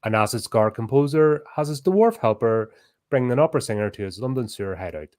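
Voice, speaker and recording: A middle-aged man chats on a podcast, loud and animated. He laughs easily and talks at an ordinary middle pitch. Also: fairly quick. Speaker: podcast co-host. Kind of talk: casual chat.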